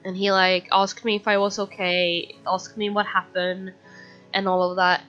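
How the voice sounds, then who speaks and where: A woman's voice: medium pitch, flat delivery, unhurried, fairly bright tone, dull audio. Woman rambling thru a storytime, lots of "like"s, faint music under her. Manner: chatty, rambling, many fillers and restarts. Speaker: storytime video creator. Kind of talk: casual storytelling narration.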